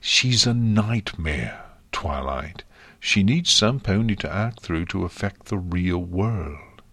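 A stern pony princess with a low, curt and harsh delivery, close to a deep-voiced reader's own tone, as a man puts her on. She speaks slowly in a dry, close storybook recording. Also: expressive, bright, forceful tone, breathy edge, no room sound, full character voice. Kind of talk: audiobook fan fiction reading.

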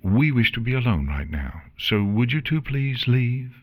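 A man's voice: mid-range voice, sing-song, a little slow, voice pushed up. A man voicing a reserved, sad royal princess who speaks formally in a fan storybook reading. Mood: cold. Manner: formal, withdrawn.

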